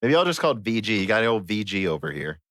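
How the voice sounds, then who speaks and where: A chatty man hosting a tech podcast, his low voice swinging up and down with plenty of animation. It sounds bright and forward. The recording is close and dry, with no room around him. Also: fast, no echo. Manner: animated, chatty, reads listener mail. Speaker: podcast host. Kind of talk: casual podcast chat.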